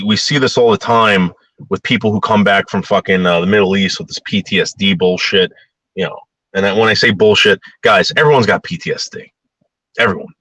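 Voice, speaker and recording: A man's voice: deep voice, fairly bright tone, slightly rough, dry recording, poor audio. A man ranting bluntly in a heated, profane opinion monologue.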